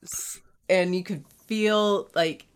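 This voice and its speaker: A woman in casual chat as a podcast co-host, gushing and quick to laugh. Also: lowish voice, fairly even intonation, smooth. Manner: slow, gushing, laughs easily.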